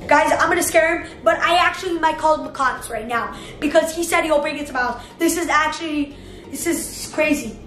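A woman vlogging in a casual, excited way, reading messages aloud and reacting with animated exclamations. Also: high voice, moderate pace. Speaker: YouTuber. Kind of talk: excited casual vlog commentary. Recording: roomy echo with faint music.

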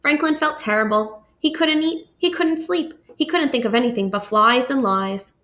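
A woman reading a children's picture book aloud with expressive delivery, pausing to ask her young listeners questions. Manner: expressive, asks listeners questions, raises pitch for characters' lines. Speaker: storybook reader. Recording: dull lo-fi audio.

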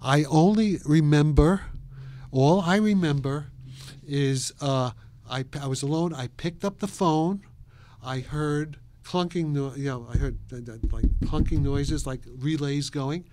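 A man's voice: fairly high pitch, a little slow. A man of about eighty from New York, an interview guest telling long, rambling stories with frequent laughs and restarts. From New York, USA. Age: around 80. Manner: animated, laughs often, trails off and restarts.

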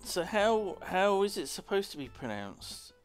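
Man, game streamer, casual rambling commentary, unhurried, bouncy intonation, faint music behind. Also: high voice, sing-song. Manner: rambling, chatty, playful asides.

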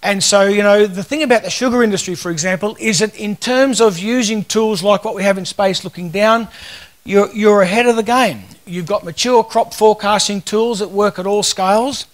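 A man's voice: sits high, normal speed. A man in his fifties with an Australian accent, giving a casual, joking conference talk full of stories. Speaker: conference speaker.

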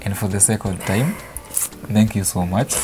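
A young Kenyan man, an expectant father, chatting excitedly and affectionately in a casual family vlog. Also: fairly low pitch, normal speed. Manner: excited, affectionate, mixing English and Swahili. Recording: noisy home video.

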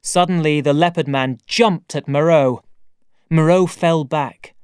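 A male audiobook narrator reading in a measured, deliberate way. His voice sits a little high for a man, with a very unhurried pace and a smooth, resonant tone. The close studio recording is dry. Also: darkish tone, no room sound. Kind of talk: scripted narration.

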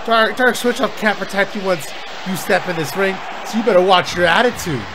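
A man's voice: high voice, a little fast, a crowd in the background, noisy background. A man reading a cocky rival wrestler. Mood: taunting. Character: cocky male wrestler rival, territorial boss.

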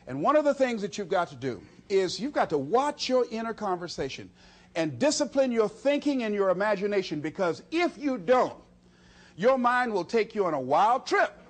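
A motivational speaker with a voice that sits high talks at normal speed, telling stories with plenty of energy. He laughs often and acts out quotes, speaking to himself as he goes.

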